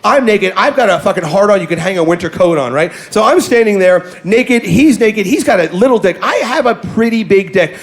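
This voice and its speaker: A man with a notably high speaking voice spins a raunchy anecdote for a crowd. He is brash and profane, and he keeps mocking himself as he goes. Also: expressive, a little fast, hardly any pauses. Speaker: guest comedian. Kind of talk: crude storytelling for a live audience.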